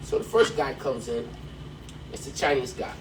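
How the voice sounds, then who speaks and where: A man hosting a podcast, telling a long joke in an animated way and laughing along with it. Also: medium pitch, moderate pace. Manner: animated storyteller who laughs at his own punchline. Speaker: podcast host. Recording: distant mic, faint background noise.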